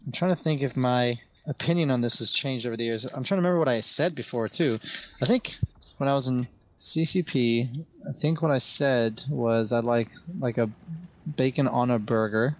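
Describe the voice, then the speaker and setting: A man's voice: medium pitch, moderate pace. A British man, a podcast guest, chatting in a rambling, self-deprecating way. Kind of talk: casual podcast chat.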